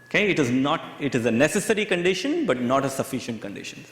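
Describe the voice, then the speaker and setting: A man giving a university lecture, halting and repeating himself, often checking that the class follows. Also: mid-range voice, very animated, a bit bright. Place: large lecture hall. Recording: echoey lecture hall recording.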